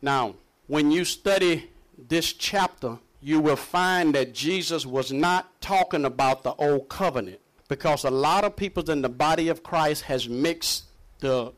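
A man's voice: on the high side, unhurried. A man preaching a sermon, stretching key words for emphasis. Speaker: pastor.

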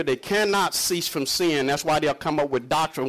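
A man's voice: on the high side, moderate pace, a bit bright. A man preaching a sermon, stretching key words for emphasis. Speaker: pastor.

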